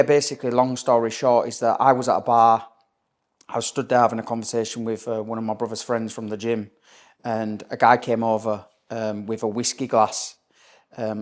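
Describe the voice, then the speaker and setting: A young man with a Yorkshire accent, a podcast guest telling a personal story in a blunt, candid way, with swearing and lots of "mate". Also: medium pitch. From Leeds area, England. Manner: blunt, sweary, calls the listener "mate", keeps saying "do you know what I mean".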